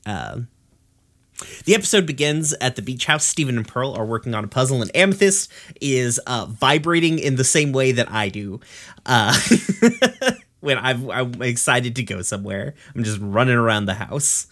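A man's voice: mid-range voice, lively intonation, fairly bright tone. Casual, profane man recapping an episode. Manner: rambling, profane, laughs often, voices characters in quick asides. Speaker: podcast co-host recapping a cartoon episode. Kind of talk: casual chat.

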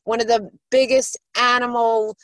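A woman's voice: on the high side, flat delivery, normal speed, a bit bright, dry recording, rough recording. Blunt, profane woman co-hosting a podcast. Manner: blunt and profane, swearing freely. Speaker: podcast co-host. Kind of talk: casual chat.

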